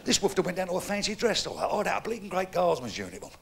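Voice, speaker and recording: A man's voice: high voice, big pitch swings, creaky. A man with a Cockney accent doing live stand-up, rattling off long jokes and acting out the people in them. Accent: London Cockney. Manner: rapid storytelling, acts out characters in his jokes. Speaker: stand-up comedian. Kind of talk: live stand-up joke telling. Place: theatre stage. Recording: live show with faint audience noise.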